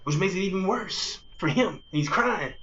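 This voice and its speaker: A man preaching a fiery street sermon, repeating himself and jumping between loud outbursts and low murmurs. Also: expressive, normal speed, muffled recording. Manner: repetitive, rhetorical, keeps asking "you see".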